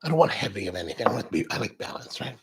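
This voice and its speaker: A man's voice: on the low side, sing-song, rapid-fire, breathy edge. A man hosting a coffee show, chatting casually in a rambling way, drifting off on tangents and restarting his sentences. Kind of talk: casual chat.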